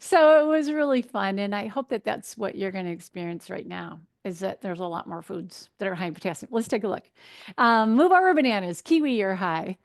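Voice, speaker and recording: A woman's voice: mid-range voice, a little fast, gravelly. A woman, a registered dietitian, giving a conversational health keynote with frequent fillers. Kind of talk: health talk to an audience.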